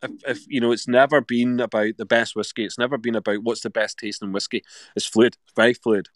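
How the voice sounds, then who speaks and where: A man's voice: mid-range voice, steady tone, a little fast, no echo. Chatty Scottish man with a dry sound. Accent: Scottish with some Northern Irish. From Scotland. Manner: rambling, repeats "do you know what". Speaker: whiskey festival organiser and show co-host. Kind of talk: casual live-stream chat.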